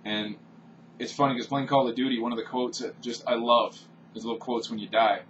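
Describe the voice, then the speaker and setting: A man's voice: mid-range voice, steady tone, fairly quick, a bit bright, slight background noise. A man from Canada, ranting off the cuff in a blunt, profane vlog monologue. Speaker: vlogger. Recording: distant, dull home-recorded audio.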